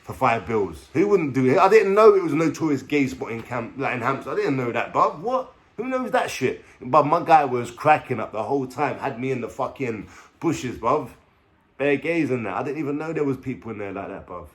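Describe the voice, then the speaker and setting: A man's voice: medium pitch, expressive, fairly quick. A young man with a London accent, telling a story casually to camera in slangy talk, swearing and checking in with "yeah?". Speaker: vlogger.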